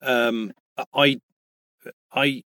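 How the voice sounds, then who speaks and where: A man's voice: mid-range voice, steady tone, very slow, pushed and bright, dry recording. British man, dry close mic. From Britain. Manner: chatty, hesitant with frequent restarts. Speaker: voice actor, guest. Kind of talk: casual interview chat.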